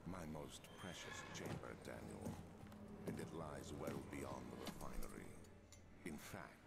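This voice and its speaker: Cryptic old game nobleman: deep rasp, lively swoops. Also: measured pace, heavily acted. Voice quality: deep gravelly voice, at times whispered. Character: sinister aged male nobleman, calm and cryptic. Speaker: game character. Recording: game audio with loud noise.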